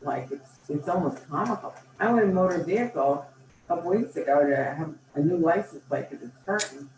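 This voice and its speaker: A woman's voice: deep voice, expressive, a little fast, noisy background. An older woman and company founder, chatting enthusiastically as an interview guest and acting out little anecdotes. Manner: enthusiastic, chatty, acts out quotes. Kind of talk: animated storytelling in conversation. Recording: roomy, distant mic, faint ambience.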